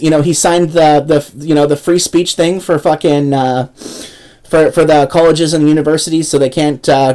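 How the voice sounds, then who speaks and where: A woman's voice: low voice, a little mellow, poor audio. Foul-mouthed woman ranting. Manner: profane, swearing constantly, heated. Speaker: political vlogger. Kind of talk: angry political rant.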